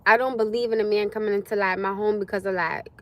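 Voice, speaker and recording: A woman's voice: mid-range voice, fast. A young woman hosting a casual livestream, talking loosely with viewers, reading their comments and swearing freely as she goes. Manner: chatty, swears freely, answers chat comments, animated. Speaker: livestream host.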